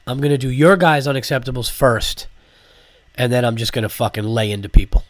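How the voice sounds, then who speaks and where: A man's voice: mid-range voice, brisk, dry recording. A man hosting his own comedy podcast with a congested, sick voice, rambling casually with fillers, swearing freely and getting fired up as he talks. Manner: animated, profane, rambling with fillers. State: congested from a cold. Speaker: podcast host, stand-up comedian. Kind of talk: casual solo podcast monologue.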